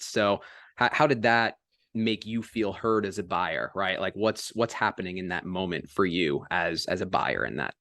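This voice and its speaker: A man with a low voice hosts a sales interview and asks probing follow-up questions. His voice is dry and close to the mic. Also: normal speed, sharp tone, dry recording. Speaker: interview host. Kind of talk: interviewer breaking down a story.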